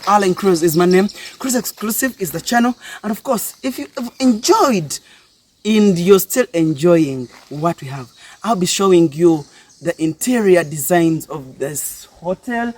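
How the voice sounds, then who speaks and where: A man's voice: sits high, expressive, moderate pace, a little mellow, breathy edge. A man from Uganda with a Ugandan accent hosting a travel vlog, exclamatory and repeating his phrases over and over. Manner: exclamatory, repeats phrases, mixes English and Luganda. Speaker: vlog host.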